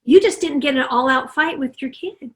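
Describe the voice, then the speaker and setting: A middle-aged woman with a high-pitched voice speaks over a video call as a parenting consultant. She talks with animation and slips into the voices of parents and children as she gives her examples. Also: normal speed, a bit bright. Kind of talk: summit talk on parenting.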